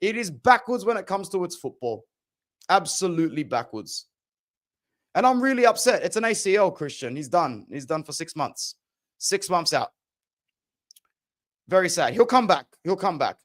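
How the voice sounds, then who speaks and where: A man's voice: high-pitched, sing-song, normal speed, long pauses, a bit bright. A young man hosting a football podcast, ranting passionately and opinionated in casual slang. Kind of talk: opinionated sports talk.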